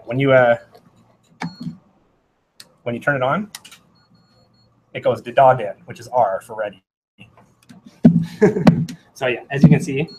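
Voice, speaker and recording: A man's voice: mid-range voice, noisy background. A man giving a casual technical talk at a meetup. He rambles with many fillers and restarts, and he sings out beeping rhythms as he demonstrates. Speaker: meetup presenter. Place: meetup room.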